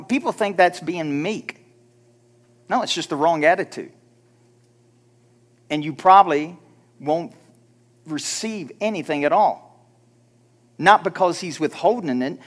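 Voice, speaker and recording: A man preaching a sermon as pastor, animated, acting out timid prayers in a hushed voice. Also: high-pitched, moderate pace. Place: church sanctuary.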